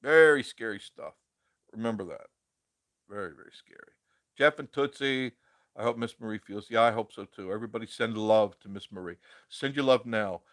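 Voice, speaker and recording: A man's voice: on the low side, normal speed, a bit bright, no room sound, studio quality. A man hosting a casual live stream, reading viewer comments aloud and chatting in a rambling way, laughing often.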